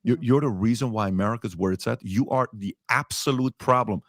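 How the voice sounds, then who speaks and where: In a played podcast clip with clean studio sound and no room sound, a man at medium pitch speaks fairly quickly. As host, he tells a story in the form of a rant, repeating emphatic points and acting out whoever he quotes.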